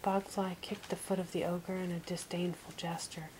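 A woman reading a fantasy audiobook in a soft, slow whisper. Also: lowish voice, level tone, a little hiss or hum, poor audio. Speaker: audiobook reader.

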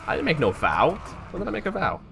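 A young man talks over his gameplay in a let's-play stream, his pitch bouncing widely as he swears and groans at the screen. Faint game music plays under his voice. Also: wildly swooping pitch, quick pace, vocal fry. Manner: swearing, exasperated running reactions. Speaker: gaming streamer.

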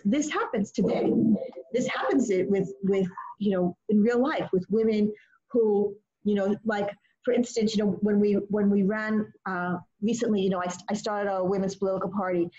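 Expressive woman teacher, muffled audio. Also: medium pitch. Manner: expressive, animated retelling. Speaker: teacher leading a study session. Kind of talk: informal teaching talk.

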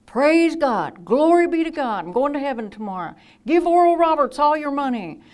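A man's voice: very high-pitched, big pitch swings, voice pushed up. A woman doing a wild, ranting male psych patient. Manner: shouting praise, rapid questions.

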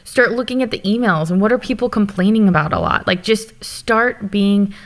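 A woman speaking as a guest founder, telling candid business stories in an animated, open way. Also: mid-range voice. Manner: animated, open, quick to laugh. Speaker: guest, company founder and author. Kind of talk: candid conversational storytelling.

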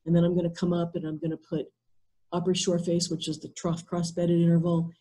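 A woman presenting in an online workshop, methodically walking through a software demonstration over a video call, thinking aloud step by step. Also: lowish voice, completely flat delivery, fairly quick, slightly rough, low-quality recording.

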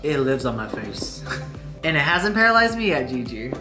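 Drag host, campy, playful, a lively, leisurely read with faint music under it. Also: male voice, mid-range voice, moderate pace. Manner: campy, playful, self-mocking. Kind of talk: comedic makeup tutorial.

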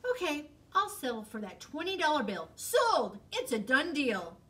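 A woman voicing a sly, fast-talking male fox who sells a swindle with showy salesman patter. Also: high voice, big pitch swings, pushed and bright, distant mic, heavily acted. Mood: salesy.

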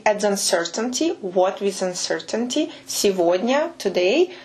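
A woman teaching phrases to English-speaking learners, speaking natively. She breaks each word down patiently and repeats it slowly and precisely. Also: medium pitch, expressive, darkish tone. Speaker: Russian language teacher. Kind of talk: language lesson commentary.

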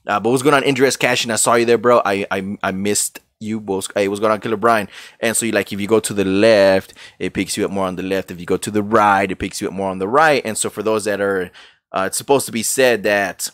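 Man, low voice, casual streamer chat, profane, greets viewers by name, dry close microphone. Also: fairly even intonation, fairly quick, a bit bright, dry recording. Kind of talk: casual chat while gaming.

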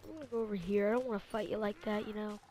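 A woman's voice: mid-range voice, steady tone, rapid-fire, a little mellow, a little hiss or hum. A young woman giving casual gameplay commentary, slangy and stammering as she teases her opponents. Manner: slangy, stammering, mock-trash-talking opponents. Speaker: gamer.

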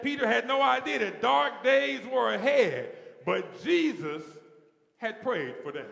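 A male pastor preaches with a high, bright, tense voice that carries a gravelly edge. He builds his points through repetition, rising in force as he goes. The sound is roomy, with the long reverb of a large sanctuary. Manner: preaching with rising call-and-response intensity. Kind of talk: sermon.

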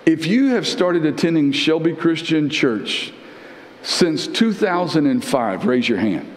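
A male pastor giving a conversational live sermon, repeating phrases and climbing in pitch to press his points. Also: animated, measured pace, slight background noise. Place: church sanctuary. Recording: roomy church with long reverb.

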